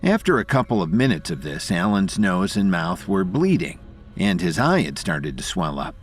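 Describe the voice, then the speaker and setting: A man's voice: low-pitched, big pitch swings, moderate pace, faint music behind. A man narrating an audio drama with dramatic storytelling.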